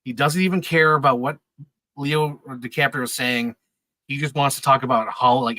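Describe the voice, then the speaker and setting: A man's voice: mid-range voice, steady tone, moderate pace, pushed and bright, no room sound, rough recording. A man in his thirties telling casual, rambling stories on a podcast, laughing often and swearing freely. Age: 30s. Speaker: podcast regular. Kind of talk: casual storytelling chat.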